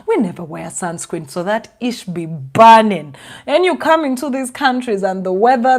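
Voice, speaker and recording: A young woman from Uganda, a vlogger giving sarcastic casual commentary with a lot of laughing. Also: a little high.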